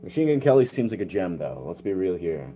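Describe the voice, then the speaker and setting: A man's voice: sits low, very animated, brisk, warm tone. A man streaming as a music producer, talking casually to himself and his chat while troubleshooting his setup.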